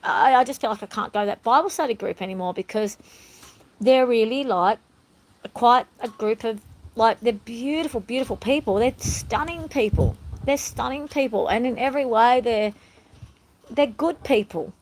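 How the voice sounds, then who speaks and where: A woman's voice: on the high side, normal speed, poor audio. A woman talking candidly in a rambling, emotional personal vlog, filmed at home on a phone. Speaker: vlogger.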